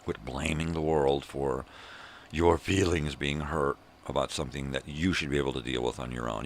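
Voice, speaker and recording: An older man from Southern California, hosting a rambling morning video monologue in a profane, ranting way with drawn-out fillers. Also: extremely low pitch, fairly even intonation, a little hiss or hum. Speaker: vlog host.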